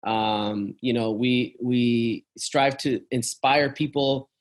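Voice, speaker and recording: A man's voice: medium pitch, fairly even intonation, takes it slowly. Chatty man with restless fillers. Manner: rambling, many fillers and restarts; uses "man" and "dude" often. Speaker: travel business owner. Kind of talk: casual business conversation.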